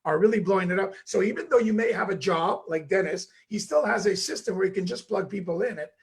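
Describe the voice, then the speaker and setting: A man with a Canadian accent, co-hosting a livestream and talking up his team in an animated, emphatic way. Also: high-pitched, fast talker, gravelly. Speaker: co-host. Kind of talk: enthusiastic livestream pep talk.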